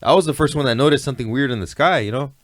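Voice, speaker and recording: A man with a medium-pitched voice speaks very fast in a recording with no room sound. He's a guest in a casual storytelling chat, spinning his tales in a laid-back, rambling way and often asking "you know what I mean".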